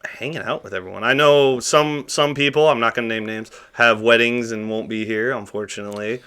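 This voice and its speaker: Guy in his late 20s chatting w friends, bright voice, acts out stories loud and lively. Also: medium pitch, fairly quick, smooth. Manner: animated storyteller who acts out shouts and quotes. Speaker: podcast co-host. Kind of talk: casual chat among friends.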